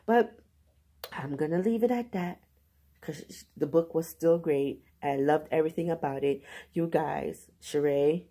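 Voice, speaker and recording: A woman's voice: sits low, unhurried, breathy edge. A woman casually retelling a novel's plot in a chatty, slangy way as a book vlogger. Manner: animated, slangy retelling with asides. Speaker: book reviewer. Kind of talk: casual book review vlog.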